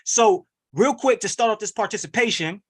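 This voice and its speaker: A man coaching on an online webinar, rallying listeners with an energetic, preachy call-and-response style over a video call. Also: sits high, normal speed, breathy edge. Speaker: wealth coach hosting a webinar. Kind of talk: hype motivational webinar coaching.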